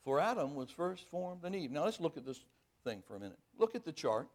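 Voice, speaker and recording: A man preaching a sermon, reading scripture aloud and pressing each point hard, then dropping to quiet asides. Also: on the high side, big pitch swings, a little fast.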